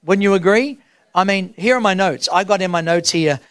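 A man's voice: high-pitched, a little fast, a bit bright, clear, resonant tone, no room sound, studio quality. A middle-aged man preaching a sermon as senior pastor, emphatic and drawn out, asking the crowd rhetorical questions. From Australia.

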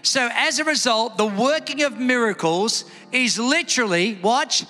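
A man preaching a sermon in a church hall, lively and calling on the congregation to respond. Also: very high voice, a little slow, few pauses. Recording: echoey hall with faint music.

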